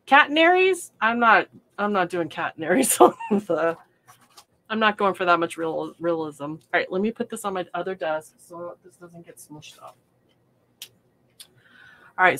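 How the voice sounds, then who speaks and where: A woman with a medium-pitched, pushed and bright voice hosts a casual livestream from her hobby room. She chats while crafting, pokes fun at herself, and laughs often.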